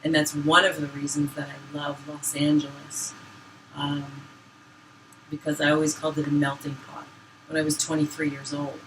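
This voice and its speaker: A woman from Boston telling personal stories in casual conversation, getting lively when she quotes people. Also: sits low, moderate pace. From Boston, Massachusetts. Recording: roomy, from some distance, clear background noise.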